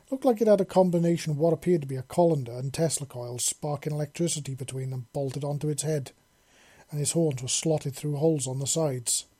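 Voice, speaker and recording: Husky male story narrator. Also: a little high, a little fast, warm tone, no room sound. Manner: plain narration with frequent restarts. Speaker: story reader. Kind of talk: reading fan fiction aloud.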